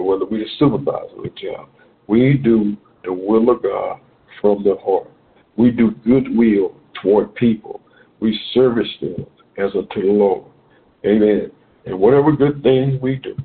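A man preaching a Bible lesson with rhythmic, repetitive phrasing, as on a call-in radio program. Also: on the low side. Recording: tinny phone-like radio audio.

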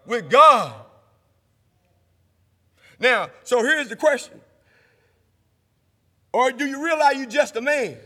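Male preacher, high bright tone, call-and-response sermon, long church reverb. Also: unhurried, pauses often. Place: church sanctuary.

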